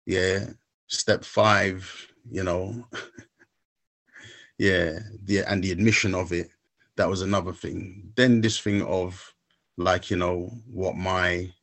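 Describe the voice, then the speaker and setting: A man reciting a spoken word poem in a measured, rhythmic way, then talking haltingly about his own recovery steps. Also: sits low, steady tone, creaky, fairly bright tone. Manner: halting, searching for words.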